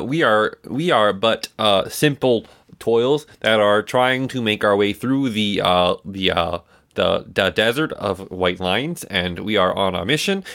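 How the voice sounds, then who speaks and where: A man's voice: on the low side, fairly bright tone, heavily acted. A man voicing an earnest, eager ambassador character who rambles politely in a tabletop game. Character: earnest, eager young ambassador rock creature.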